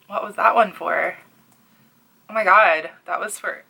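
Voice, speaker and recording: A woman's voice: medium pitch, huge pitch swings, slow, gravelly, pauses often, a bit bright, breathy edge. A young woman from Canada with a Newfoundland accent, talking in a casual home vlog about her crochet business, breathless and overwhelmed, sighing and dropping to near-whispers. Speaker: crochet artist and small business owner.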